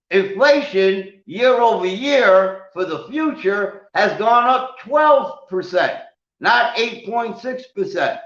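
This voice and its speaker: A man's voice: high-pitched, fairly bright tone. A man hosting a televised finance lesson, speaking emphatically and addressing his audience directly. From United States. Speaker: finance show host and teacher. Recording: roomy, dull lo-fi sound.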